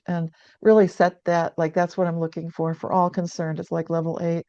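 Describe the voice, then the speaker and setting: An older woman speaks in a low, mellow voice, recounting a personal story in an earnest, reflective way. She often restarts her sentences mid-thought. The dry sound is dull and lo-fi. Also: steady tone, fairly quick, few pauses, no room sound. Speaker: guest author. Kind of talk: conversational storytelling.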